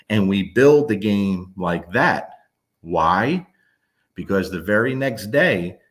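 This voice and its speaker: A dog trainer with a low, slightly bright voice talks casually to the camera. He's blunt and emphatic, and he keeps asking whether the listener understands.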